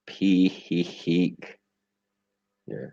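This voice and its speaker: A young man streaming live drawls out his words in a low, gravelly, dark voice while bantering with chat in street slang. He rambles and laughs a lot, and the dull lo-fi audio has no room sound.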